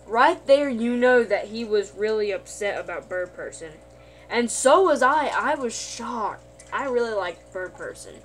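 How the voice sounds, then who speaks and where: A woman's voice: fairly high pitch, expressive, unhurried, soft background music. Rambling woman recapping a cartoon episode. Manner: rambling, full of fillers and restarts. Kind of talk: casual spoken episode recap.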